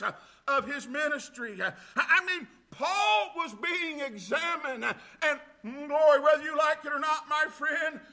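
With an extremely high-pitched voice, a man delivers a sermon as a pastor, fervently bursting into cries of glory and hallelujah while filling gaps with "uh."

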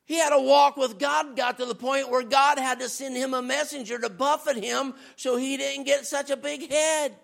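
A man preaching a sermon as a guest preacher, talking to the congregation in a loose, conversational way. He rises to shouts at points and drops lower and slower when he reads scripture. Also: vocal fry. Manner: conversational and animated, rising to shouts.

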